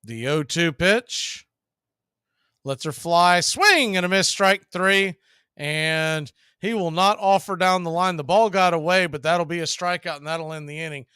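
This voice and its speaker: A man calls a baseball game pitch by pitch, brisk and openly pulling for his team. His voice is smooth and resonant, a bit high for a man, and recorded dry and close with no room sound. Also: pushed and bright, dry recording. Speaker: radio play-by-play announcer. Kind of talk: live baseball play-by-play.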